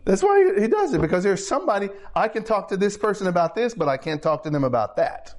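Guy preaching a sermon, kinda high voice, talks it through casual, keeps asking the church if they follow. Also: big pitch swings, fast. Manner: conversational preaching, checks in with the congregation; repeats and restarts phrases while building a point.

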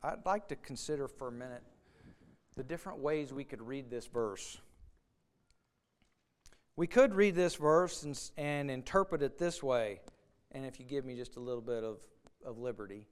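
A man's voice: mid-range voice, moderate pace, pauses often, clear, resonant tone. A man preaching a sermon, earnest, often repeating words and acting out the voices of doubting people.

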